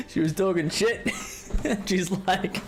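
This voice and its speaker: A woman chats on her livestream, giggling through a story at an unhurried pace. Her pitch swings widely, and faint music plays behind her. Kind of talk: casual stream chat.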